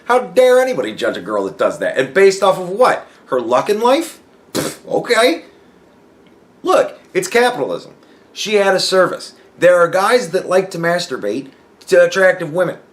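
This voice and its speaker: A man's voice: sits high, sing-song, moderate pace. Profane rambling man. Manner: profane, rambling, stammering restarts; acts out imagined dialogue. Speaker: podcast host. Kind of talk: casual solo commentary.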